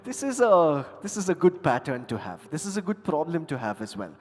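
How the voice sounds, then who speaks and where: A man's voice: a little high, very animated, brisk. A man hosting a conference from the stage with a handheld mic, teasing and joking with the crowd in a playful, chatty way. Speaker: event host and emcee. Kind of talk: lively stage hosting with audience banter. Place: large conference hall stage. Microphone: handheld microphone. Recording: long hall reverb, faint music.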